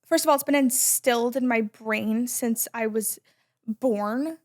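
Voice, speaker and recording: A woman in her twenties, a podcast guest talking in a loud, emphatic, chatty way with many "like"s. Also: a little high, measured pace. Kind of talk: casual conversation.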